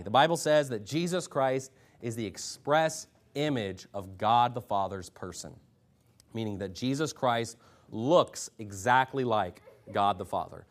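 A man preaching a sermon as pastor, forceful, rising loud when he reads scripture, and clearing his throat often. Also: medium pitch, lively intonation, unhurried.

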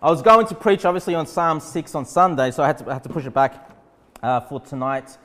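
A pastor preaching an emphatic sermon to a congregation with kids, often checking in with "okay?" and "right?". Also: male voice, on the high side, lively intonation, brisk, fairly bright tone. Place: church. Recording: long hall reverb.

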